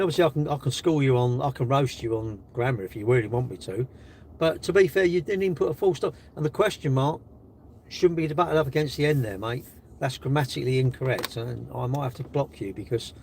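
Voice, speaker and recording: A British man streaming live from his car, mocking the comments he reads out. His voice sits in a middle pitch, with a faint hiss of noise underneath. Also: fairly quick, gravelly. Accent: British English. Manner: sarcastic, mocking and lively. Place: in a car while charging it.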